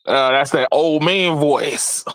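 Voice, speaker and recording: A man's voice: a little high, slow pace, dry recording, low-quality recording. Chatty man hosting a tech podcast. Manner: animated, laughs often, repeats words as he talks. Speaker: podcast host. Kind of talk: casual tech podcast chat.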